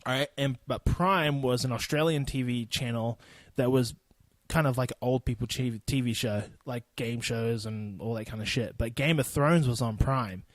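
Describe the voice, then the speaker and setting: A man's voice: medium pitch, moderate pace, few pauses, no echo. A young man in his twenties with a New Zealand accent, hosting a casual solo podcast in a loose, profane, rambling way. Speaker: podcast host.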